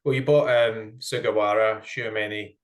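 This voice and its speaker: A man's voice: fairly low pitch, fairly even intonation, moderate pace. A man hosting a casual chat with a friend, upbeat and laughing easily, with plenty of ums. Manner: chatty, laughs often, says um a lot. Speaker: host.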